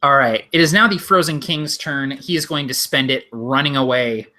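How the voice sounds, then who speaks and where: Bright-voiced young man running a tabletop game. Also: medium pitch. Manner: explains rules briskly, laughs often. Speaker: game master.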